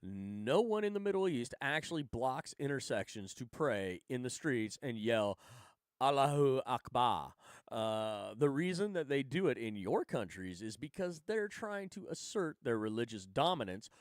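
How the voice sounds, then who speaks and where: A man's voice: medium pitch, big pitch swings, moderate pace, few pauses, no echo, clean studio sound. Profane ranting male streamer. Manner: profane, blunt, sarcastic. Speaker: livestream host. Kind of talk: ranting casual commentary.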